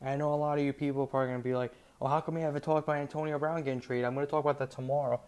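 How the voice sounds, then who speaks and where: A young man hosting a solo sports show, talking excitedly about breaking football news, often stammering and restarting his sentences. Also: a little high, rapid-fire, clear, resonant tone. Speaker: sports podcast host.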